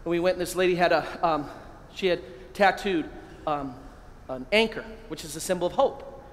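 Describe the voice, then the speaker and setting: A middle-aged priest giving a lively keynote talk to a crowd of men, calling out phrases for them to repeat. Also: male voice, high-pitched, moderate pace. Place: large hall. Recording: long hall reverb, faint ambient noise.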